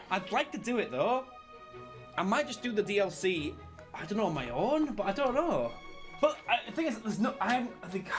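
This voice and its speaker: A man reads a game guide aloud for a video, his voice bouncing up and down as he keeps cracking up into giggles. He bursts into loud mock rants between readings. Faint music plays underneath. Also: high-pitched. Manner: animated, breaks into giggling fits and loud mock outbursts. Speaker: video creator.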